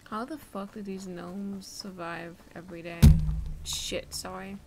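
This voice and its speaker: A woman's voice: medium pitch, steady tone, measured pace, creaky, heavy background noise. A young woman streamer chatting and swearing casually as she plays a game and talks to its characters. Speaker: gaming streamer. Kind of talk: casual let's-play commentary. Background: game music.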